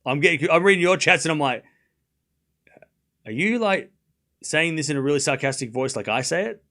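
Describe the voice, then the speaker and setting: A man's voice: on the high side, expressive, moderate pace, fairly bright tone. A man hosting a live stream, chatting casually, often laughing and joking sarcastically as he reads and answers his chat.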